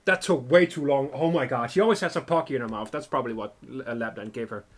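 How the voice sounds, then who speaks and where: A young man giving casual, excitable commentary while playing a game, swearing a lot and calling the viewer "bro". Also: medium pitch, fast talker. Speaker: gaming video creator.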